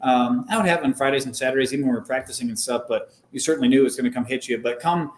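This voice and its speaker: Young male guest, ex-driver, measured and explanatory, roomy echo, mid pitch. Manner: measured, explanatory, frequent "um" fillers. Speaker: guest, former race car driver. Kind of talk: casual conversational interview.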